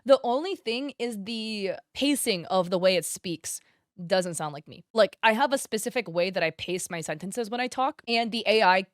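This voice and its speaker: A woman's voice: mid-range voice, animated, moderate pace. A woman content creator talking straight to her viewers in a loose, chatty commentary, filler words and mild swearing scattered throughout. She has a crunchy way of shaping her words. The sound is close and dry, with no room echo. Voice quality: crunchy enunciation. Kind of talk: casual commentary vlog.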